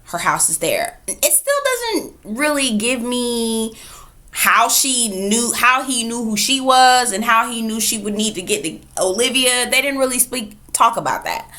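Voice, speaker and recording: A woman reviewing a TV episode in a casual recap, animated, acting out quotes and asides. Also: a little high, a little slow. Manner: animated, retells scenes with voiced quotes and asides.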